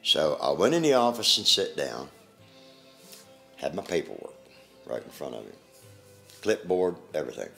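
An older man recounting his memories in an interview, plain-spoken and halting, with pauses and restarts. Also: a bass voice, sing-song, creaky, pushed and bright, faint music behind.

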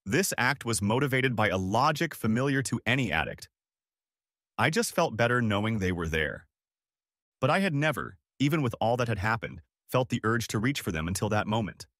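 A man narrating a first-person story as scripted audiobook narration, in an expressive storytelling manner. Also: mid-range voice, moderate pace, no room sound, clean studio sound.

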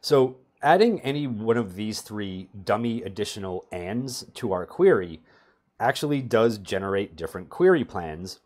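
A man's voice: lowish voice, animated, normal speed, a little mellow. A middle-aged man teaching a database tutorial over a screen share, talking casually with sardonic, self-mocking humor. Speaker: database performance trainer.

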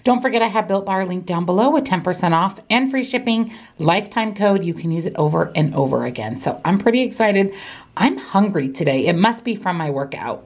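A woman's voice: mid-range voice, animated, brisk. A woman narrating a casual daily vlog to her camera, upbeat and chatty, filming from her car and her office. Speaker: vlogger. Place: car in a parking lot and an office.

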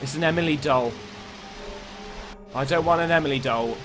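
A man's voice: a little high, moderate pace. A man talking to himself while playing a horror game, jumpy and swearing as he goes. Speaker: gaming YouTuber. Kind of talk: horror game let's play commentary. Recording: game music underneath. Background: spooky game music.

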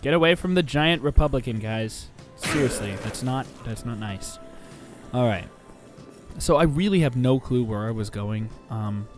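A man's voice: mid-range voice, expressive, measured pace. A man giving casual, rambling, jokey let's play commentary, often talking back to the game. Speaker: gameplay commentator. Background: game music.

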